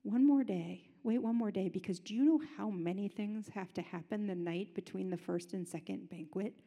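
A woman preaching a sermon in a chatty, animated and humorous way, in a large high-ceilinged room. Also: normal speed. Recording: long hall reverb.

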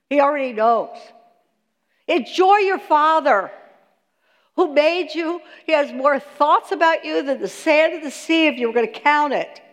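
A woman teaching a sermon on prayer, animated and asking her listeners questions. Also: high-pitched. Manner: animated, talks to the audience with questions. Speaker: Bible teacher. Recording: long hall reverb.

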